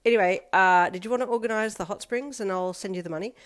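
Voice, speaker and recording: A woman voicing a playful, energetic teenage girl who talks loudly and teases. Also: medium pitch, quick pace, lightly acted. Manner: bright, loud and teasing.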